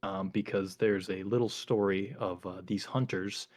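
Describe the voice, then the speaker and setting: A male podcast co-host casually retelling a story in animated chat, with frequent filler words. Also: low-pitched, measured pace.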